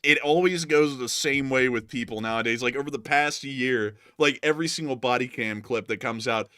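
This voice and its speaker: A man's voice: medium pitch, moderate pace, sharp tone, clean tone, no echo, studio quality. A man hosting a war news show, casually commenting on clips with a jokey, rambling manner while getting over a cough. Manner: jokey, rambling, slips into silly voices. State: recovering from a cough.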